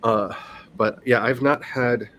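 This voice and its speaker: A man's voice: medium pitch, fairly even intonation, takes it slowly, fairly bright tone, a little hiss or hum. A man in his forties chatting casually on a livestream, rambling along, reading his chat and laughing often. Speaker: livestream host, writer.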